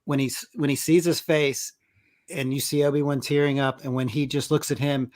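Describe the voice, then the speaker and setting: Male co-host, emphatic and excited, mid-pitched voice. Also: moderate pace. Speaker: podcast co-host. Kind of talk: casual chat.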